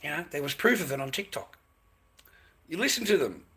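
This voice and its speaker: A man's voice: on the high side, sing-song, fairly quick, sharp tone, husky. An Australian man on a livestream, delivering a crude, rambling rant full of swearing and repeated phrases.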